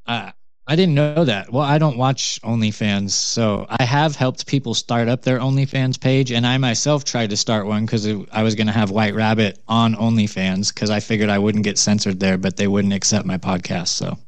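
A man's voice: on the low side, fairly even intonation, normal speed, no echo. A man in casual podcast chat who has his own show, talking in an earnest, judging way.

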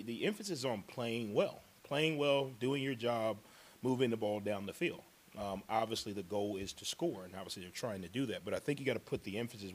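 A man, a college football coach, answering press conference questions in a measured, explanatory way with frequent ums. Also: mid-range voice.

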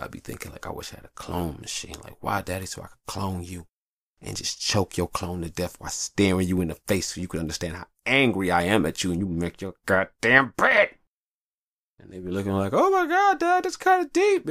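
A man's voice: sits low, brisk, gravelly, no room sound, clean studio sound. A man hosting a show, talking in a rambling, profane, confessional way from a hot upstairs room. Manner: profane, rambling, animated storyteller. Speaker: show host. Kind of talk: casual confessional monologue.

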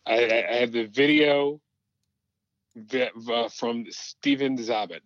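A man's voice: mid-range voice, slow, fairly bright tone, dry recording, lo-fi sound. A man joining a sports podcast as a guest, chatty and eager to share stories. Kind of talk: casual podcast chat.

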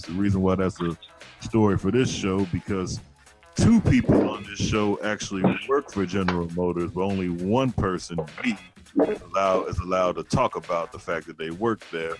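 A man hosting a podcast in casual chat, joking and giving blunt opinions. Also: fairly low pitch. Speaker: podcast host.

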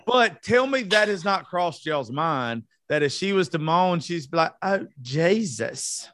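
A man's voice: high-pitched, lively intonation, measured pace, fairly bright tone, a little hiss or hum. A young man from South Georgia with a Southern accent, hosting a casual, unedited podcast, profane and self-mocking. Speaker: podcast host.

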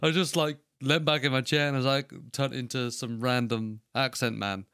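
A man's voice: medium pitch, fairly even intonation, moderate pace, fairly bright tone, clear, resonant tone, no echo, studio quality. A man co-hosting a podcast in casual, sweary, laughing banter. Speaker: podcast co-host. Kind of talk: casual chat.

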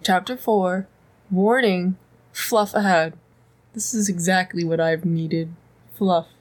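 A woman's voice: fairly low pitch, fairly even intonation, slow. A young woman co-hosting a podcast, reading fan fiction aloud and teasing her co-host with laughs and swearing. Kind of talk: casual podcast banter and read-aloud.

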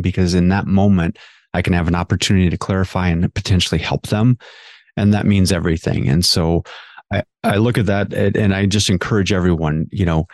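Deep-voiced man telling a career story. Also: dry recording, clean studio sound. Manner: earnest, many restarts and repeated words. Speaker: hair education director, guest. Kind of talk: casual storytelling conversation.

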